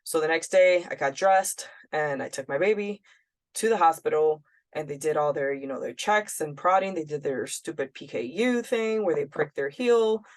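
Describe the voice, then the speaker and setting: A woman's voice: deep voice, moderate pace. Blunt, candid woman telling her story. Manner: candid and blunt, often quoting herself with many "like"s. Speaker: podcast co-host. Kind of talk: casual personal storytelling.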